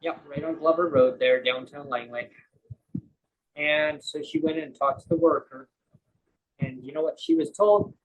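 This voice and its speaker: A man's voice: on the high side, fairly even intonation, normal speed, pauses often, husky, low-quality recording. A man, a podcast guest telling a rambling story full of fillers and acted-out quotes. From Canada. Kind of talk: casual storytelling chat.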